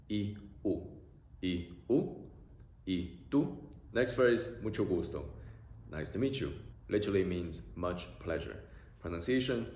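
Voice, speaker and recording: A man teaching beginner Spanish phrases, drilling pronunciation with slow, drawn-out vowel sounds. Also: low-pitched, a little mellow. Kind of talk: beginner language lesson. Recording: echoey room with faint noise.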